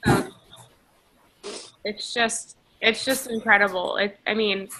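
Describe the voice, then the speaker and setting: A woman's voice: medium pitch, steady tone, slow, sharp tone, poor audio. A woman leading a team video call, giving an emotional motivational pep talk in a shaky, tearful, gushing way.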